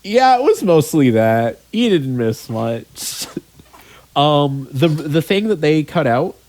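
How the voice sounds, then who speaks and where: A man hosting a podcast in casual chat, rambling, swearing freely and often pausing on ums. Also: a little high, very animated, a little mellow. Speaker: podcast host.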